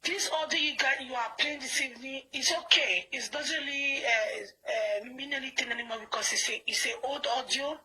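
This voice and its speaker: A furious caller with a Nigerian accent pushes her case with repeated, emphatic lines. Her voice is high and piercingly bright, sharp enough to cut through. She mixes English with pidgin as she insists on being heard. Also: normal speed, few pauses, husky, low-quality recording. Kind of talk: heated phone call.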